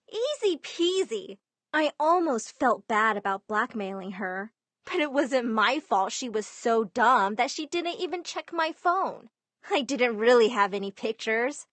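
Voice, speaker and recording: A young woman narrating her own story in first person, lively and putting on voices for family members. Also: a little high, no echo.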